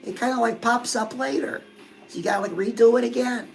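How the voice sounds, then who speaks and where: A woman's voice: on the high side, brisk, vocal fry, faint music behind, rough recording. A woman hosting a love and dating advice show, talking casually and confidingly to her listeners. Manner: chatty, confiding, addresses listeners as girl. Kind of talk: casual advice talk to viewers.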